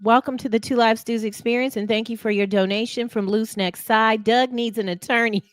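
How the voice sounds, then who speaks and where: A woman co-hosting a casual sports talk show, giving upbeat shout-outs with teasing asides. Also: a little high, fairly even intonation, a little fast, no echo, studio quality. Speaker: co-host reading viewer donations.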